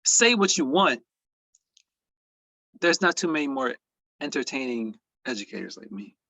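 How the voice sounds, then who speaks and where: A man teaching an online class with a playful, boastful streak, teasing his students. His pitch swings widely while he drawls slowly. His voice is husky and the sound is dry. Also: sing-song, pushed and bright, no echo. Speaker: trading educator.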